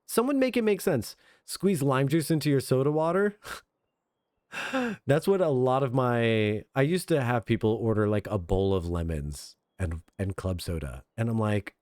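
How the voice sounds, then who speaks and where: A man streaming a game, chatting in an excitable, rambling, self-mocking way from a home setup. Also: mid-range voice, normal speed, dry recording, clean studio sound. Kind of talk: casual game stream commentary.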